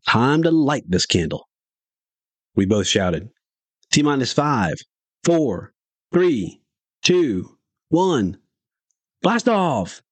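A man's voice: fairly low pitch, dry recording. A middle-aged man hosting a podcast, telling a story in a folksy, rambling way.

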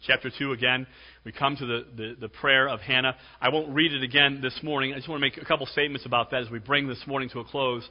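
A male pastor preaching a sermon, emphatic, swinging between loud exhortation and hushed tones. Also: medium pitch, fairly even intonation, fast. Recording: dull lo-fi recording with long hall reverb.

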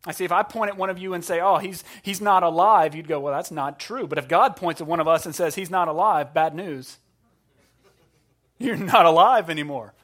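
A man preaching a sermon with humorous asides, swinging between hushed, quiet passages and loud, emphatic ones. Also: fairly high pitch, fairly quick. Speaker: pastor.

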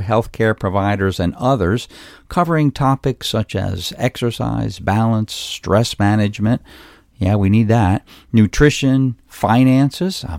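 A chiropractor in his fifties hosts a solo health podcast, teaching earnestly and going through his points one at a time. His voice is on the low side with a darkish tone, recorded with clean studio sound and no echo.

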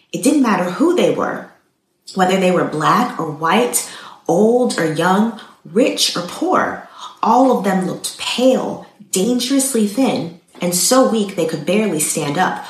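Expressive woman telling a devotional story. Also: mid-range voice. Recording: roomy echo.

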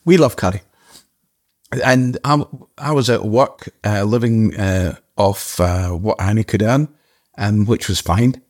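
An older man, an actor guest, telling a story casually in a halting way, with restarts and the odd casual swear. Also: on the low side, darkish tone.

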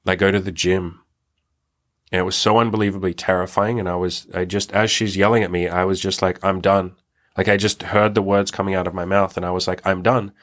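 A young man telling his own story on a podcast, frank and reflective, swearing casually. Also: deep voice. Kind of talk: candid personal storytelling.

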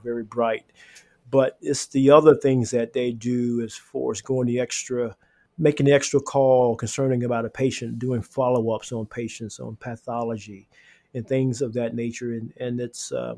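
A man in his fifties, a hospital reading room coordinator, answering podcast interview questions in an earnest, halting way with many restarts. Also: mid-range voice, warm tone.

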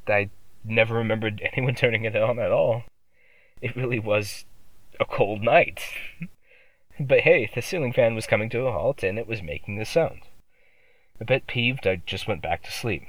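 A man narrating a scripted horror story in the first person, quiet and measured. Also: deep voice, no room sound, far from the mic, rough recording.

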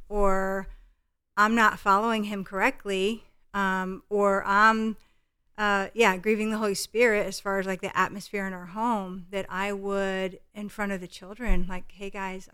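A woman's voice: mid-range voice, pushed and bright, clear, resonant tone. A middle-aged woman guest telling a personal parenting story in an earnest, heartfelt way. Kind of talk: storytelling in conversation.

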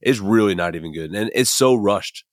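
On a clean, echo-free studio recording, a podcast host with a low-leaning voice speaks at a normal pace in an animated way. He's a young man from the American Midwest whose casual, emphatic rambling is packed with fillers and a stray swear word now and then.

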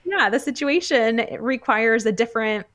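A woman's voice: on the high side, animated, moderate pace, a bit bright. A woman co-hosting a casual podcast, affirming and laughing along. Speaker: podcast co-host. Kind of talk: casual chat.

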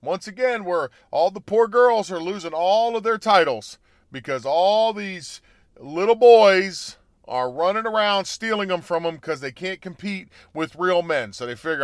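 A man hosting a commentary show, ranting in a heated, mocking way with stumbles, restarts and loud emphatic bursts. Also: high-pitched, lively intonation, unhurried, dry recording, studio quality.

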